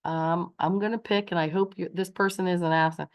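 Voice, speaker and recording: A woman's voice: lowish voice, moderate pace. A young adult woman runs a morning lesson for small children. Her voice climbs and dips in an exaggerated, playful way, like a teacher keeping little ones hooked. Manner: lively, sing-song, exaggerated teacher delivery.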